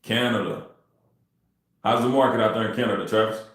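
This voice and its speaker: A man's voice: on the low side, a little fast, a bit bright. A man, chatting loosely with his livestream viewers while he makes cold calls. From Texas. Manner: loose, talks straight to the chat in slang. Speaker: real estate wholesaler streaming cold calls. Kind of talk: casual livestream chat. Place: home room. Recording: very echoey room.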